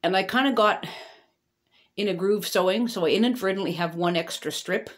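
A woman hosting a quilting tutorial, explaining her work in a relaxed, plain-spoken way. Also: mid-range voice, brisk. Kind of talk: casual voice-over explanation.

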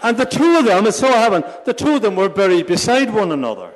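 A man's voice: sits high, big pitch swings, fast talker. A man, a priest, telling jokes to a congregation in a playful, mock-solemn way. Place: large church. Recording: long church reverb.

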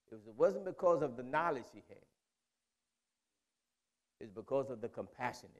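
A male pastor preaching a sermon in a conversational, repetitive style. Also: fairly high pitch.

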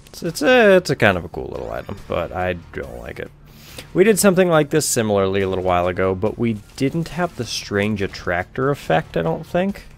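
A man's voice: on the low side, gravelly. A young man giving rambling, offhand let's-play commentary over a video game, swearing casually. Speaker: gameplay commentator.

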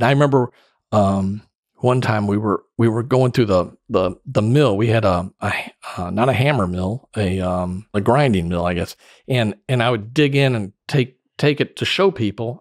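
A man's voice: fairly low pitch, no echo, clean studio sound. A middle-aged man telling stories with lots of laughter as a podcast guest. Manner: animated storyteller, laughs often. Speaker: podcast guest, former sales director. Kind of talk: casual storytelling interview.

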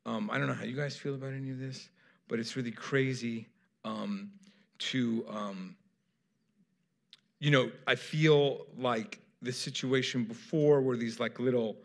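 A man's voice: mid-range voice, steady tone, measured pace, vocal fry. A middle-aged man, a theater director, speaking casually to an audience with many fillers and restarts. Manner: rambling, lots of fillers and restarts.

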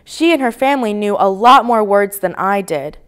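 A woman reading a children's book aloud with expressive, sing-song narration. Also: mid-range voice, moderate pace, smooth. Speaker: storybook reader.

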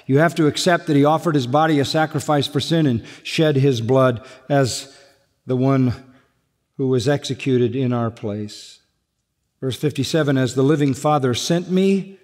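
A man's voice: mid-range voice, a little mellow, in a large hall. A man preaching a sermon as pastor, emphatic, building his points through repeated refrains.

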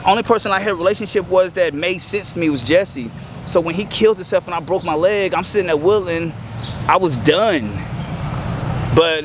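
A man in his thirties telling his recovery story emotionally, halting and choking up, with frequent restarts. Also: on the high side. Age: 30s. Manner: halting, choked up, breaks off with restarts. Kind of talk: emotional personal testimony. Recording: outdoor street noise with passing cars.

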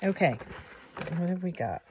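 Working through savings challenges at home, this sixties-aged vlogger gives slow, casual commentary and addresses viewers as "guys." She's soft-spoken yet animated, with a lowish voice, recorded by a phone or camera close on a table amid a noisy background.

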